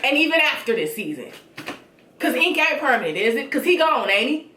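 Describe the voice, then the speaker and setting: A woman hosting a casual reality show recap, talking in a sassy, blunt and animated way. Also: high voice, a little fast, reverberant, a little hiss or hum.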